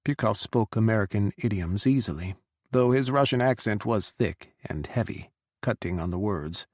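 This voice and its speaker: A man reading an audiobook as narrator in a steady, even storytelling manner. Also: on the low side, measured pace, dry recording, studio quality. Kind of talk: scripted narration.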